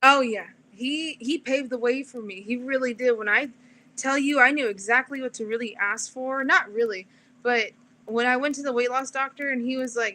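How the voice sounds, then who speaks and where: A woman's voice: a little high, brisk. A woman as an interview guest, chatting casually and acting out the people in her stories. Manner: animated storyteller, acts out quotes. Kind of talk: casual chat.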